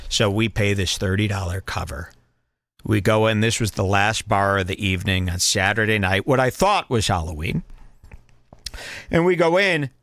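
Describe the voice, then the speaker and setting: Podcast co-host, lively storyteller doing everyone's voices, dry close sound. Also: male voice, mid-range voice, dry recording. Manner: animated, mimics people in stories. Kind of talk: casual comedic storytelling.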